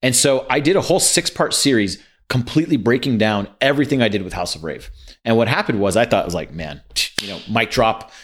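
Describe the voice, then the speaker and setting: A man of Indian origin chatting casually on a podcast, telling lively stories and acting out quoted dialogue. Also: mid-range voice, quick pace. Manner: animated storyteller, acts out quoted dialogue. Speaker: guest entrepreneur.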